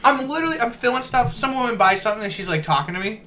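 A man from Western New York co-hosting a casual podcast, telling stories in a rambling, animated way. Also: very high voice, rapid-fire, over a noisy crowd. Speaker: podcast co-host.

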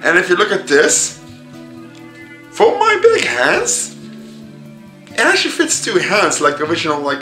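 A man rambling casually through a toy unboxing vlog, chatty and self-mocking, his voice a little hoarse. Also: fairly high pitch, sharp tone. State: slightly hoarse voice. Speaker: vlogger reviewing a toy. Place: room indoors. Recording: echoey room, mic at a distance.

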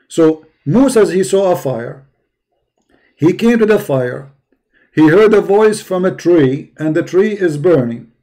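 A man's voice: high voice, mellow. A man with an Arabic accent hosting a religious debate call, insistent and repeating himself. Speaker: debate host.

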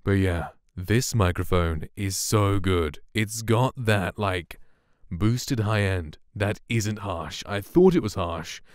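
Soft-spoken young man reviewing gear. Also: lowish voice, no echo, clean studio sound. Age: 20s. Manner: relaxed, rambling, soft-spoken, with fillers. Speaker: streamer and voice actor reviewing a microphone. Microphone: studio condenser close up.

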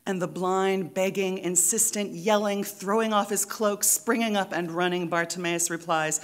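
A woman pastor preaching a sermon in a church, deliberate and emphatic, with rhythmic repetition. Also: mid-range voice, fairly even intonation.

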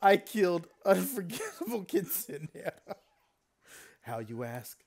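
A man chatting casually while playing a party card game, laughing often and reading cards with mock-dramatic pauses. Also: high voice, huge pitch swings, creaky, a little mellow. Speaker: game player.

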